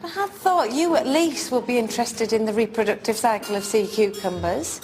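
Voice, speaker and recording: A woman's voice: a little high, normal speed, darkish tone, lightly acted. A woman playing a prim fussy schoolteacher. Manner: prim, gushing teacherly tone. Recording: TV clip with music under it. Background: music.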